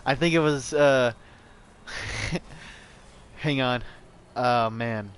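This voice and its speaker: A young man talks over his gameplay in a relaxed, rambling way, swearing freely and drifting from topic to topic. His voice sits at an ordinary middle pitch and comes through smooth and clear on a desk mic. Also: drawn-out words. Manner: rambling, profane, laid-back, says "bro" and "man". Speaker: gameplay streamer. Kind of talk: casual gameplay commentary.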